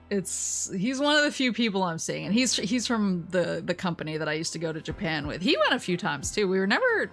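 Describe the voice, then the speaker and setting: A woman vtuber chatting casually on stream, telling a long rambling story, laughing often and quoting people in lively voices. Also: on the low side.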